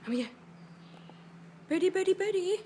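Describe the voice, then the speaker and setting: A woman's voice: extremely high pitch, animated, normal speed, dark tone, slight background noise. A young woman filming inside her house, jittery and often whispering as she coaxes a bird to leave. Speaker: vlogger. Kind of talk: handheld home video narration. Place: inside a house, attic and rooms.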